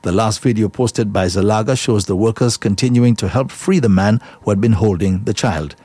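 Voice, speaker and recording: Low, mellow male newsreader. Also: dry recording. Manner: steady, measured delivery. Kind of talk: scripted news reading.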